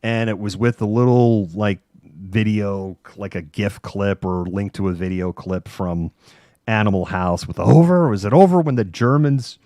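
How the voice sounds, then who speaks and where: A middle-aged man hosting a casual talk show, telling a long anecdote in an animated way, laughing between phrases and using many fillers. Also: on the low side, unhurried, no echo, studio quality. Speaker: host. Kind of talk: casual chat, anecdotal storytelling.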